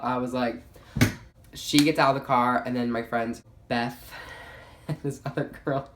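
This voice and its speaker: A young adult vlogger rambles through a storytime, leaning hard on "like" and swearing casually. The voice sits at a middling pitch, and the room adds a noticeable echo. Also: a bit bright, a little hiss or hum. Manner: chatty, heavy on "like" fillers, swears freely. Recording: roomy echo.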